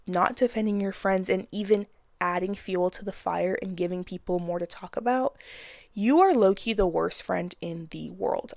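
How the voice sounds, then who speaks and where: Blunt young woman with vocal fry. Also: mid-range voice, darkish tone, no echo, clean studio sound. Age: 20s. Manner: frank and blunt, casual slang and swearing. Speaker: vlogger. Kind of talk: casual advice monologue.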